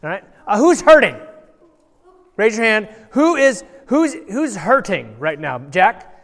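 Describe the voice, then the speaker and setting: Animated pastor telling kids a story. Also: male voice, high voice, unhurried, vocal fry. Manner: playful and animated, questions the kids and acts out voices. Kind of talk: lively children's sermon with audience participation. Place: large church hall. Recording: long church hall reverb.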